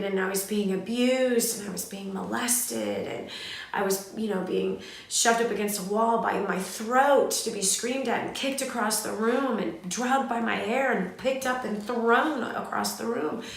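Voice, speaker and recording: A middle-aged woman from Southern California, telling a personal story in a candid, animated way with fillers and restarts. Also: mid-range voice, a little slow, vocal fry. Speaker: host. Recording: very echoey room.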